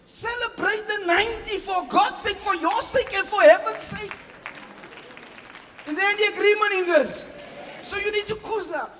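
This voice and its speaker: A pastor preaching a sermon, asking the congregation for agreement and acting out family scenes with playful voices and sound effects. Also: male voice, extremely high pitch, normal speed, pushed and bright, faint music behind, some chatter behind. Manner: preaching with call-and-response questions to the congregation. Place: church hall. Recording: long reverb of a church hall.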